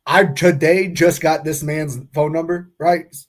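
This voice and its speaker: A man's voice: fairly high pitch, fairly even intonation, measured pace. A man co-hosting a post-game podcast, rambling with many fillers and restarts. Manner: rambling, filler-heavy, chuckling. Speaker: podcast co-host. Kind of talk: excited post-game chat.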